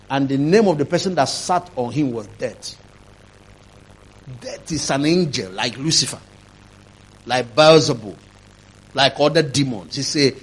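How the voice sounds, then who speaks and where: A man preaching a sermon, telling a testimony, swinging from quiet telling to loud, emphatic preaching. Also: breathy edge. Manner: rising to loud emphatic preaching, then dropping low.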